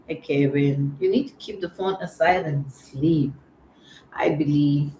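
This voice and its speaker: A woman's voice: low voice, unhurried, mellow. Chatty streamer woman. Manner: greets viewers one by one, chatty and teasing. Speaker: livestream host. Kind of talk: casual livestream chat. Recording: echoey room with faint ambient noise.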